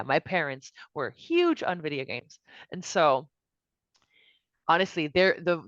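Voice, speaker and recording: A woman's voice: rumbling low, no echo, muffled recording. A woman guest on a podcast, chatting casually and upbeat, with many restarts and casual slang. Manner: upbeat, restarts a lot, says "dude" and "oh my gosh". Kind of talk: casual chat.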